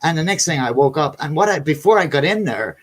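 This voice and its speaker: A man's voice: on the high side, expressive, a little fast. A man hosting a casual video chat, telling rambling stories, swearing freely and calling people buddy and man.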